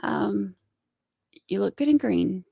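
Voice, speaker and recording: A woman hosting a casual livestream, sick with a scratchy throat, talking softly and clearing her throat often. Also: medium pitch, expressive, takes it slowly, dry recording, clean studio sound. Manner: soft-spoken, frequent throat clearing. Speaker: livestream host.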